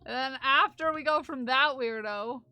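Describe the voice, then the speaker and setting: A woman's voice: high voice, normal speed, bright, forceful tone, no room sound. A woman streamer chatting casually with her viewers, reading their messages aloud and laughing often. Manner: chatty, giggly, reads chat aloud. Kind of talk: casual live-stream chat.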